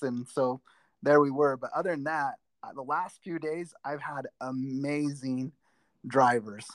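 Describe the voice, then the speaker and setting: A man who teaches driver's ed, chatting casually on a podcast and telling rambling, animated stories with many restarts. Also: mid-range voice, measured pace, no echo. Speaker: driver's ed instructor and school teacher. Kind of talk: casual podcast chat, storytelling.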